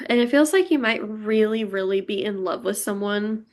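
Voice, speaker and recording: A woman's voice: medium pitch, steady tone, a little slow. A young woman giving a pick-a-card tarot reading, emotional and gushing as she talks straight to her viewers. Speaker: tarot reader.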